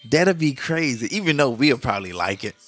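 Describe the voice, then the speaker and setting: A man's voice: mid-range voice, big pitch swings, brisk, a bit bright, soft background music. A middle-aged man hosts a casual monologue, joking, laughing often and acting out the lines he quotes. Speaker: podcast host.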